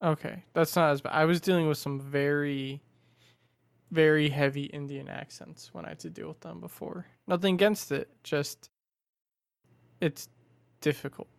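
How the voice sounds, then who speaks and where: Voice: mid-range voice, steady tone, moderate pace, vocal fry, no room sound. A speaker in casual chat, asking curious follow-up questions.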